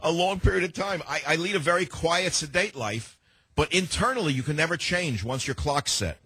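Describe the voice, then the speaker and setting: A man's voice: a little high, moderate pace, bright, forceful tone, slightly rough, no room sound. An older man hosting a call-in talk radio show, talking in a sardonic, rambling way with heavy sarcasm.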